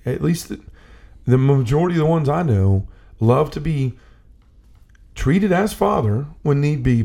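Man, gravelly voice, mellow tone, earnest storytelling, casual faith talk. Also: medium pitch. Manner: earnest storyteller, restarts and repeats himself. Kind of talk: casual conversation about faith.

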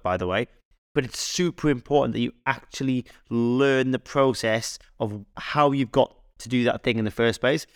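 A male fitness coach co-hosting a casual podcast, chatting in an animated, rambling way full of anecdotes and restarts. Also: medium pitch, no room sound, clean studio sound.

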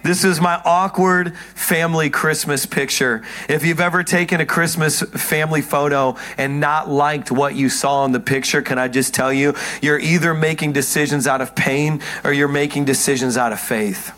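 High-voiced man preaching a sermon. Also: fairly even intonation, moderate pace, hardly any pauses, a bit bright. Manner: jokey, self-mocking preaching with frequent laughs; earnest, pleading urgency. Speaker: pastor. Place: church stage before a congregation.

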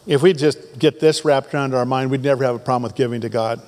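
A man's voice: medium pitch, steady tone, fast talker, darkish tone. A man preaching a sermon to his congregation, reading scripture with rising fervor and tossing in joking asides. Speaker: pastor. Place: church sanctuary.

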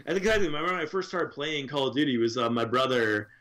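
A man's voice: medium pitch, expressive, quick pace, a loud crowd. A man co-hosting a podcast in casual chat, rambling and swearing with many fillers. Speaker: podcast co-host.

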